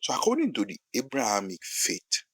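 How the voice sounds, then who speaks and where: A man with a Nigerian English accent preaching a sermon-style monologue, repeating phrases for emphasis and building to loud peaks. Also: mid-range voice, huge pitch swings, a little fast, husky, no room sound, poor audio.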